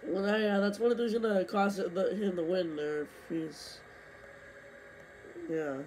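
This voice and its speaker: A young man with a high-pitched, strained voice talks over a racing game he is playing. He grumbles at other players and bursts into excited yelling. A faint hiss sits under the recording. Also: measured pace. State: losing his voice. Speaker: gaming streamer. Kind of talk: live gameplay commentary.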